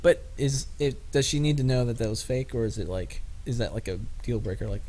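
A man's voice: medium pitch, brisk, warm tone. A young man co-hosting a casual movie podcast, joking and often trailing off. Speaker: podcast co-host. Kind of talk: casual chat.

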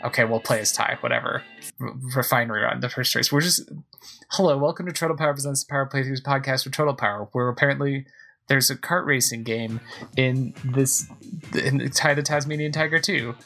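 Guy casually commentating a kart race as he plays, excitable and rambly, game music in the background. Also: medium pitch, brisk, gravelly, low-quality recording. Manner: excitable, chatty, thinks aloud while playing. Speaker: podcast host playing a video game. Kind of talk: casual let's-play commentary.

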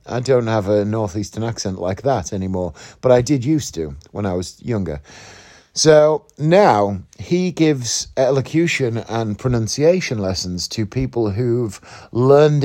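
A man's voice: fairly low pitch, expressive, unhurried, dark tone. Groggy man with a slight northeast twang. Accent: slight northeast English. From northeast England. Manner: rambling, chatty, self-mocking. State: groggy, just woken up. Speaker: podcast host. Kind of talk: casual morning podcast monologue. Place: in bed at home.

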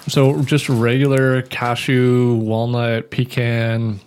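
A man's voice: medium pitch, flat delivery, takes it slowly, darkish tone, clean tone. Matter-of-fact man co-hosting podcast. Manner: matter-of-fact, detailed describing. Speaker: podcast co-host. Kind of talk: casual chat.

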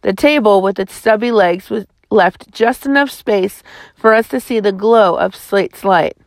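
A woman reading a children's novel aloud in first person, steady scripted narration. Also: medium pitch, a little slow, dry recording. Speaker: audiobook reader.

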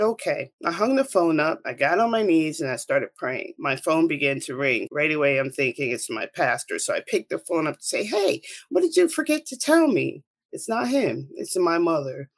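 A woman's voice: deep voice, no echo. A middle-aged woman, a guest, earnestly telling an emotional personal story in an interview.

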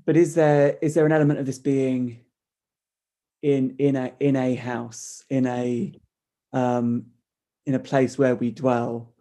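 A man's voice: medium pitch, little pitch movement, takes it slowly, mellow. Thoughtful man musing through restarts. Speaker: podcast co-host discussing a play. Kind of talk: casual analytical chat.

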